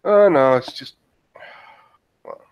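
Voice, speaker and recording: A man's voice: a little high, lively intonation, extremely slow, smooth, lo-fi sound. A man voicing a young female fighter who answers hesitantly, stammering and deflecting questions. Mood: evasive. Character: young woman fighter, evasive and guarded.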